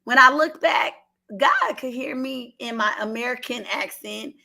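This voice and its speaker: A middle-aged Oakland, California woman with an Oakland accent phones a call-in show to give emotional testimony. Her high-leaning voice is creaky, bright and forceful, and her pace is measured. She tells her personal story earnestly, repeats herself, and holds back tears.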